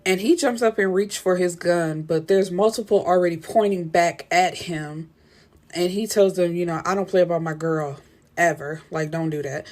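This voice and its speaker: A woman casually recapping a novel's plot, animated and full of fillers. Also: on the low side. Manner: animated retelling with many fillers and quoted dialogue. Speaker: book reviewer.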